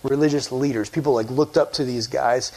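A man preaching a casual sermon in an animated, conversational way, quizzing his listeners as he goes. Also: medium pitch, fairly quick.

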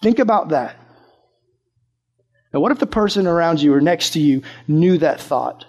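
Young man, high voice, casual sermon, animated storytelling, acts out quotes. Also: moderate pace.

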